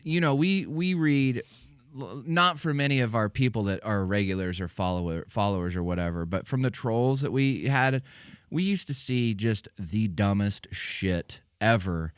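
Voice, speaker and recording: A man's voice: on the low side, lively intonation, moderate pace, clean tone, dry recording. Casual guy telling long rambly stories on his podcast, dry mic, no room. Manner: rambling anecdotes full of fillers. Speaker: podcast host. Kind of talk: casual chat, storytelling.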